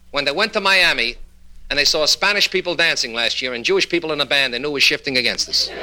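A man's voice: on the high side, bright, forceful tone, poor audio. A man telling stand-up jokes peppered with Yiddish words, acting out the dialogue. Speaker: stand-up comedian.

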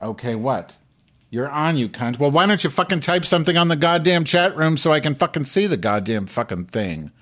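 A man's voice: a little high, lively intonation, fairly quick, fairly bright tone. A man playing a brash, foul-mouthed Jewish woman who hosts a live online show, ranting and rambling in improvised comedy. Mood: grumbling. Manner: profane, abrasive, rambling rants.

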